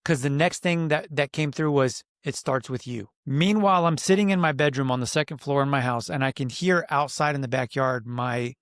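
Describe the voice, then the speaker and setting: A man's voice: mid-range voice, a little fast, hardly any pauses, a bit bright, clear, resonant tone, no echo, clean studio sound. A middle-aged man, a coach for men, telling a personal story on a podcast in an earnest, reflective way and acting out his own inner voice. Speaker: podcast guest, men's coach.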